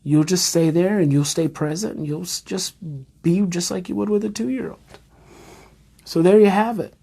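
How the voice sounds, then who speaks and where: A man with a husky, slightly breathy voice, speaking live to viewers as a parenting educator. He hammers home his points by repeating phrases and asking rhetorical questions, and he sounds emphatic and engaged. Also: high-pitched, fairly even intonation, normal speed, mellow. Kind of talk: live-streamed talk to viewers.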